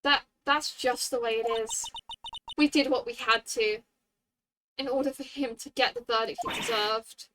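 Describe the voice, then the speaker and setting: A woman voicing a cold, stern female chief prosecutor in a measured, grave read. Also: a little high, fairly even intonation, noisy background, close to an everyday voice.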